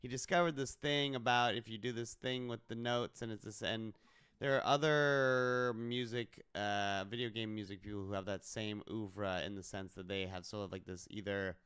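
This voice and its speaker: A man's voice: lowish voice, fairly even intonation, moderate pace, a bit bright, clear, resonant tone. A man co-hosting a podcast, thinking aloud in hesitant casual chat. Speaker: podcast co-host.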